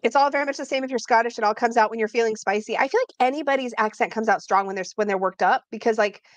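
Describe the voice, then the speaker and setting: A woman co-hosting a livestream, chatting in an excitable way with frequent laughs. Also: on the high side, rapid-fire, no echo. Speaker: co-host. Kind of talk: casual livestream chat.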